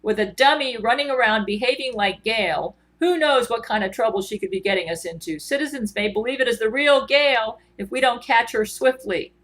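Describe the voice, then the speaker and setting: A woman voicing a level-headed man with a Scottish accent who speaks briskly. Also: fairly high pitch, fairly bright tone, poor audio. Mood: urgent.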